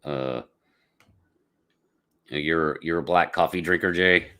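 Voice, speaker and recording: A man's voice: extremely low pitch, takes it slowly, bright, forceful tone, clear, resonant tone. A man hosting a casual live podcast, chatting with viewers in a rambling, laid-back way with lots of fillers. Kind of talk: casual livestream chat.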